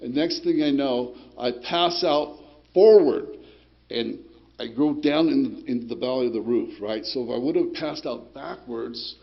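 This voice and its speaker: This is a dull-sounding clip of a man recounting his recovery at a group meeting. His medium-pitched voice is creaky and his pace measured as he rambles streetwise, swears, and often asks "you know, right?"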